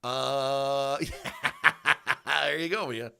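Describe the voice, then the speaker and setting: A man with a bright, forceful voice talks casually to his livestream audience. He rambles from one tangent to the next, filling the gaps with "uh" and quick laughs. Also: medium pitch, steady tone, gravelly, clear, resonant tone. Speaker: livestream host.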